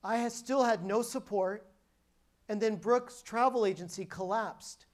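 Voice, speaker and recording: A woman's voice: mid-range voice, unhurried. Woman preacher telling an emphatic testimony. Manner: emphatic storytelling with frequent restarts. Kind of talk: sermon with personal testimony.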